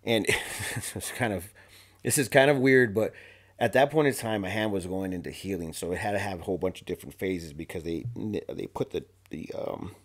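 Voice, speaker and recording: A man guest on a podcast telling a story in a casual, animated way, full of slang, fillers and restarts. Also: sits low, a little fast. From Arizona.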